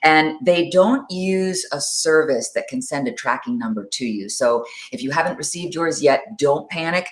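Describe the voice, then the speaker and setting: A woman's voice: sits low, expressive, moderate pace, few pauses. A woman co-hosting a live social media show, chatting casually, greeting viewers by name and laughing often. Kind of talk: casual live-stream chat reading viewer comments.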